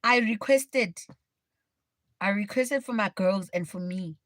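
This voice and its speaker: A young woman with a South African accent tells a story on her livestream in a blunt, animated way. Her voice sits at a middling pitch. The recording is dry and close. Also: slow, no echo. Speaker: livestream host. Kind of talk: casual storytelling.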